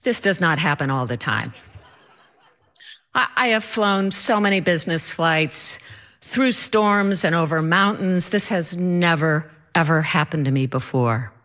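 A woman's voice: lowish voice, animated, measured pace, fairly bright tone. A woman telling a personal story in a wry, self-mocking way.

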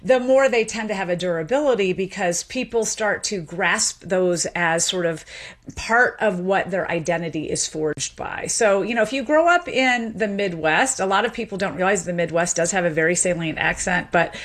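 A woman from the United States, a guest expert in an interview, explaining clearly with quick asides and frequent laughs. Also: lowish voice, a bit bright.

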